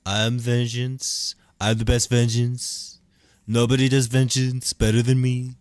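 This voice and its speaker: A man voicing a brash, self-praising male politician type with a drawn-out bragging cadence. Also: medium pitch, little pitch movement, no echo, voice pushed up, lightly acted. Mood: boastful.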